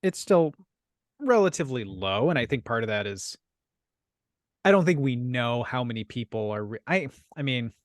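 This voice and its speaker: A podcast co-host with a medium-pitched voice and lively intonation chats casually at a moderate pace, rambling with frequent restarts and laughter. The recording is studio quality with no room sound.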